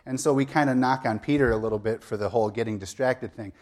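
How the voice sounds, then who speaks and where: Male pastor, sermon delivery, conversational storyteller, average pitch, light humor. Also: quick pace, a little mellow.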